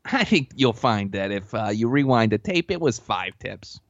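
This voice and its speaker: A man's voice: lowish voice, very animated, moderate pace, no room sound. A man with a Southern accent, giving boastful, rambling comedic advice that keeps drifting off track. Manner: boastful, rambling, easily sidetracked. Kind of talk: comedy podcast bit. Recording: dull lo-fi recording.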